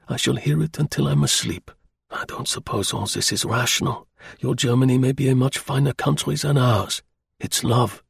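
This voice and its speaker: Daring male spy, low and husky, dry close sound, read by a man. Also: dry recording, exaggerated voice. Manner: low and earnest.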